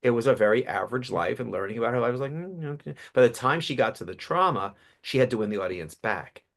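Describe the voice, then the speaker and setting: A man in his fifties, a public speaking coach interviewed as a guest, telling stories with animated delivery. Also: medium pitch, quick pace, vocal fry. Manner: animated storyteller, acts out voices. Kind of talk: casual podcast interview.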